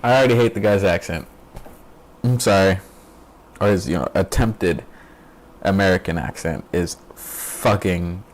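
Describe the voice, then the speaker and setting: A man's voice: low-pitched, darkish tone, slight background noise. A man hosting a stream, giving casual reaction commentary in a blunt, profane and mocking way, laughing often. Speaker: streamer host.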